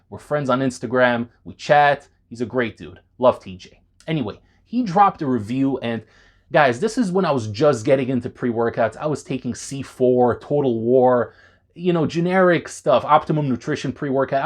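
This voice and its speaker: Chatty man reviewing workout supplements. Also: medium pitch. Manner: animated, conversational, addresses viewers as "guys". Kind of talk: enthusiastic product review vlog.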